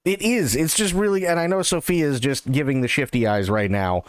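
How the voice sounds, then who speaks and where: Animated swearing male streamer. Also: medium pitch, normal speed, hardly any pauses, no room sound. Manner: rambling, animated, swears freely, lots of fillers. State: hyped on caffeine. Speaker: livestream host. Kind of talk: casual streaming chat.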